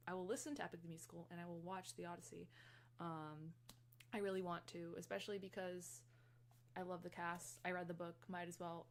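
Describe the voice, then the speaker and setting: A young woman chatting casually and excitably with viewers on a live stream from her room, rambling from one story to the next. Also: on the low side. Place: her room, fan running.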